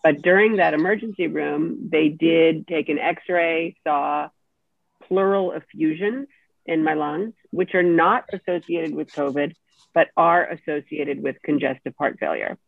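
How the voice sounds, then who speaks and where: A woman telling a personal story as an interview guest, animated and acting out the people she quotes. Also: low-pitched, unhurried, creaky, dry recording. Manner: animated, acts out quoted speech. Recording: tinny dry phone line.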